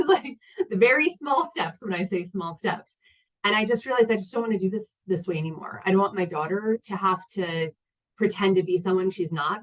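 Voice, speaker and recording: A woman's voice: fairly low pitch, poor audio. A woman in her thirties telling a personal story to an audience, candid and rambling with many fillers and restarts. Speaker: guest speaker.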